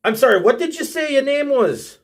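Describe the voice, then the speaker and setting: A man's voice: very high-pitched, big pitch swings, a little fast, pitched above the performer's own voice. A man voicing a dwarf who teases a stranger in a mocking tone. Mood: teasing. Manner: teasing, slightly mocking. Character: gruff dwarf, amused and teasing.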